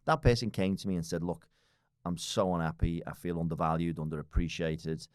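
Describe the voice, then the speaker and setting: A blunt British man in his forties talks quickly in a very low voice, swearing and laughing as he goes. He is a podcast guest in casual conversation. The sound is dry and close to the mic. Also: steady tone, a little mellow, smooth, dry recording. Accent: British English. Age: 40s.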